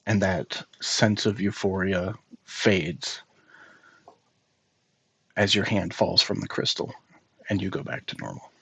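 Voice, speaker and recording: Husky-voiced man narrating as game master. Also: sits low, sharp tone. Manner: measured descriptive narration.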